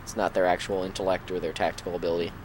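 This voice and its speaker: A man joking sarcastically while watching a friend play a shooter game, often trailing off into a low mutter. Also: little pitch movement, rapid-fire, noisy background. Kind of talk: casual let's play commentary.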